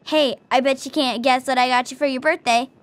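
A woman's voice: sits high, steady tone, fairly quick, natural voice. A woman voicing a cheerful young girl who teases her friend playfully in video game dialogue. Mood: teasing. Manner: bubbly and teasing.

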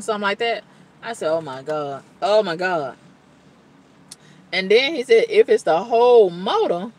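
A woman's voice: mid-range voice, fairly bright tone, slight background noise. A woman venting to the camera in a blunt, emphatic, colloquial way, with repeated exclamations and exasperated storytelling. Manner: colloquial, blunt talk with cussing. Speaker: vlogger.

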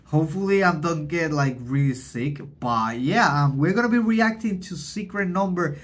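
A reaction host in casual vlog talk, feeling sick but gushing and excitable, whooping and shouting at times, in a bedroom. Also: mid-range voice, moderate pace. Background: faint music from the video being reacted to.

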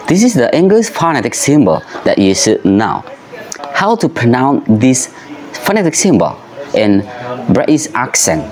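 Man, pronunciation teacher, unhurried, stretches out vowels, animated intonation. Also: medium pitch. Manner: slow, careful, drawing out vowel sounds for practice. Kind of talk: English pronunciation lesson.

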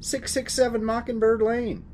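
An eager teenage boy ghost hunter, as a male narrator puts him on, showy and quick to get defensive. The voice rides higher and brighter than a grown man's usual speech. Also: little pitch movement, slight background noise.

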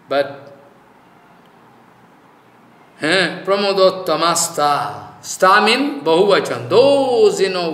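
A man giving a devotional sermon as a spiritual teacher, speaking haltingly in broken English with many fillers. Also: sits high, sharp tone. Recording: echoey room.

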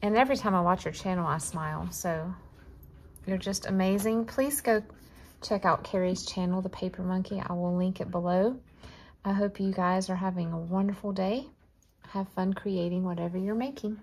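Showing her viewers some fabric she was sent, a woman who vlogs about crafting chats casually and gushes directly to the camera. Her medium-pitched voice is a little mellow, at a moderate pace.

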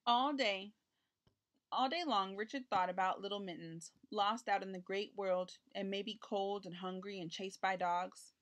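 At a measured pace and medium pitch, a woman reads a children's picture book aloud, telling the story expressively.

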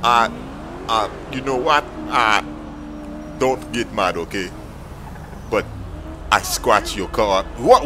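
A man's voice: medium pitch, takes it slowly, long pauses, pushed and bright, a little hiss or hum. A man hosting a game role-play video, talking in frantic, slangy banter. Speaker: gaming video host.

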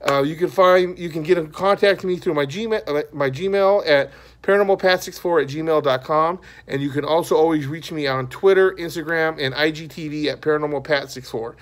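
Male podcast host, slightly high voice, casual and meandering review monologue. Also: a little fast. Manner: rambling and conversational.

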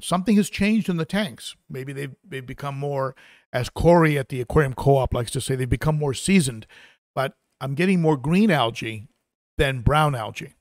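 A man's voice: medium pitch, no echo, clean studio sound. A man hosting a live stream, chatting casually and reading out viewer comments, with lots of fillers and restarts. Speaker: aquarium channel host.

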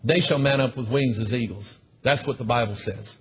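A man preaching a sermon to a congregation in an emphatic, repetitive way, often calling out for amens, in a husky voice. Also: mid-range voice, brisk, slight background noise. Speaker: pastor. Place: church with a congregation. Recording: dull lo-fi recording.

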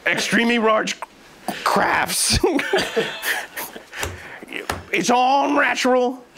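A man's voice: extremely high pitch, wildly swooping pitch, measured pace, gravelly, background noise, exaggerated voice. A man playing an earnest male librarian dog wrestler, laughing through a sheepish promo.

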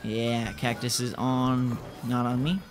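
A young man giving excitable let's-play commentary as a gaming channel host, exclaiming and repeating himself. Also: medium pitch, slow, over music. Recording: noticeable background noise.

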